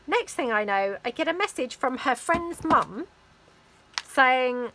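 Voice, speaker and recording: A woman's voice: mid-range voice, big pitch swings, measured pace, a bit bright, husky, poor audio. A woman chatting casually while she crafts, rambling and full of fillers. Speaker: craft vlogger.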